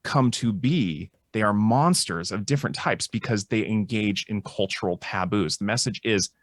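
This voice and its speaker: A man with a very low voice talks through ideas on a panel show. He sounds thoughtful and restarts his sentences often. The sound is dry and close. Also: moderate pace, dry recording. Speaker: psychologist co-host. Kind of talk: casual panel discussion.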